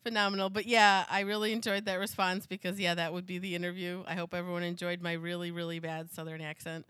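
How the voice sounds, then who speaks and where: A woman's voice: fairly low pitch, little pitch movement, quick pace, fairly bright tone, smooth, dry recording. A woman hosting a podcast in casual, rambling chat, laughing often. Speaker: podcast host.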